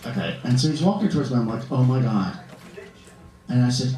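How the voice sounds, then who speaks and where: A man doing stand-up comedy in a comedy club, camp and animated, bantering with the audience. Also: medium pitch, brisk, soft background music. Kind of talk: stand-up comedy with crowd work. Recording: echoey club heard from a distance, audience laughter. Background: audience laughing.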